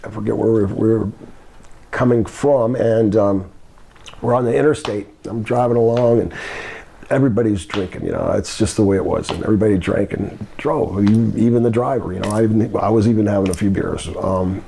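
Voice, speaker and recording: A man's voice: on the low side, fairly quick, creaky, dark tone, slight background noise. A man in his sixties, a former wrestler, telling a long story in an interview, rambling with fillers and restarts. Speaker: guest, former pro wrestler.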